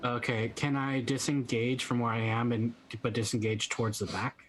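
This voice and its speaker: A man's voice: mid-range voice, little pitch movement, normal speed, slight background noise, poor audio. A man playing in a casual tabletop game, asking the game master short rules questions. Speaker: player.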